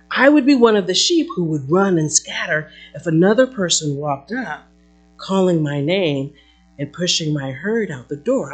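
A woman teaching a Bible passage in a lively, conversational way, breaking into playful asides. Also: lowish voice, breathy edge.

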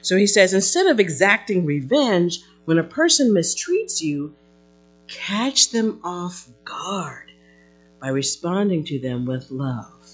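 Pastor, husky tone, very lively sermon delivery with playful asides. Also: medium pitch, takes it slowly, faint music behind. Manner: animated preaching with playful asides and acted quotes.

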